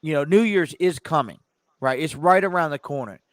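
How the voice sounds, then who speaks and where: A man's voice: fairly high pitch, normal speed, a bit bright, no echo. A man hosting his own sports talk podcast from a home studio, chatting casually with many fillers and restarts, a bit stuffy. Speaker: podcast host. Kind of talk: casual chat.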